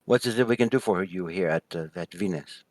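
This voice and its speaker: A man's voice: sits low, brisk, no room sound, natural voice. A man voicing a gracious, flirtatious woman who hosts a guarded estate, speaking formally and courteously. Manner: formal, courteous speech with polite questions.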